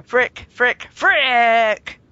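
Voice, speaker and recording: A woman's voice: on the high side, extremely slow, pushed and bright, no echo, dull audio. A woman reading a story aloud for laughs, giggling and poking fun at herself between lines. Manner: giggly, self-mocking. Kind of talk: comedic reading with banter.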